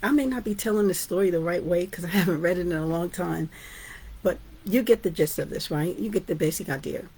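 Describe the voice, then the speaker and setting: A woman's voice: on the low side, brisk, darkish tone, husky. A woman author and teacher giving an informal storytelling lesson, chatty and often asking "right?". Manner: chatty, asks "right?" and "guess what?".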